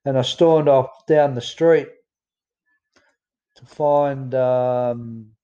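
A man's voice: medium pitch, fairly even intonation, extremely slow, warm tone, clean tone, lo-fi sound. A man with an Australian accent reading his own memoir aloud in a plain storytelling way, with some fillers and restarts. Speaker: memoir narrator.

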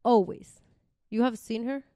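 A woman's voice: on the high side, fairly even intonation, a little slow, dark tone, no room sound. Young woman, Spanish accent, casual talker, clean dry voice, cusses a lot. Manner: chatty, swears freely, laughs often. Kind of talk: casual chat.

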